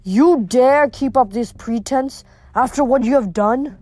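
An imperious male underworld god, as a woman reader puts him on, bellowing and aggrieved, swinging between complaint and threat. The voice sits fairly high for such a lord. Soft music plays underneath. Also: measured pace, no echo. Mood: accusing.

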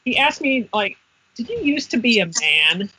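A woman's voice: a little high, big pitch swings, moderate pace, sharp tone, slight background noise, low-quality recording. A woman in casual podcast chat, telling a story in a blunt, laughing way.

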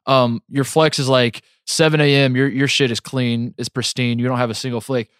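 A man's voice: mid-range voice, flat delivery, moderate pace, clear, resonant tone, no echo, clean studio sound. A man co-hosting a podcast in casual chat, rambling and self-mocking with frequent restarts. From American Midwest. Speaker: podcast co-host.

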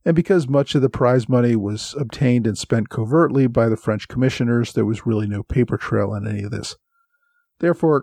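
A man's voice: medium pitch, dark tone, no echo. A man hosting a history podcast, reading thanks and notes in an earnest, explanatory way. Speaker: podcast host. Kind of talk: scripted podcast narration.

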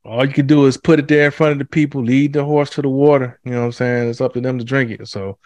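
A man's voice: mid-range voice, level tone, fast, darkish tone, dry recording. A man in casual chat who talks animatedly, swears freely and acts out what others said.

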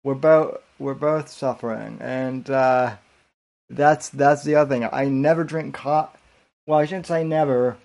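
A man's voice: medium pitch, fairly even intonation, unhurried, creaky, darkish tone. A man hosting a casual late-night podcast stream, hesitant and full of fillers and restarts. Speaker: podcast host.

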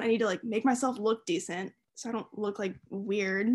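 A woman's voice: on the high side, normal speed, hardly any pauses, husky. Giggly woman telling a story. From Southern United States. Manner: animated storyteller, laughs often, many fillers. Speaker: podcast co-host. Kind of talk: casual chat.

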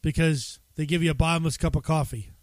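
High-voiced, teasing male podcast co-host. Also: steady tone, fast, no room sound. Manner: laughing, teasing storyteller. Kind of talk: casual chat.

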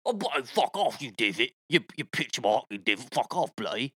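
A man putting on a foul-mouthed golfer with an Australian accent, ranting in gruff, clipped outbursts. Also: mid-range voice, very animated, brisk, fairly bright tone, no room sound, studio quality, voice pushed down. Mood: furious.

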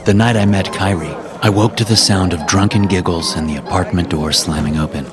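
A man with a very low, deep voice narrating a scripted first-person horror story. He tells it in a steady, measured way, with faint music underneath.

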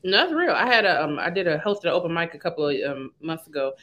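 Upbeat woman host, lively pitch, casual talk. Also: muffled recording. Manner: upbeat, runs segments with quick questions. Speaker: show host. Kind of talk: casual interview chat.

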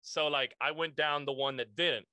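A man's voice: on the high side, steady tone, moderate pace, bright, forceful tone, clean tone, no echo. A young man, a podcast guest, telling a casual story full of slang and swearing, calling the listener "bro".

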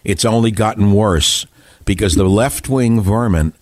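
A man's voice: on the low side, a little slow, a little mellow, no room sound. A man hosting a talk radio show, delivering a combative, scornful political monologue with heavy emphasis. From United States.

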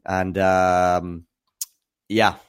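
Male tennis news host, lowish voice, chatty and hesitant on a live stream. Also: level tone, very slow, clear, resonant tone. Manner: chatty, hesitant, full of fillers. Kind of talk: live-stream commentary recap.

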